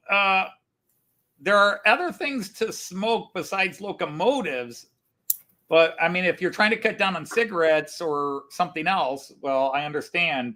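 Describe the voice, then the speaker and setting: A man's voice: sits high, fairly bright tone. A man co-hosting a live stream, chatting and joking casually.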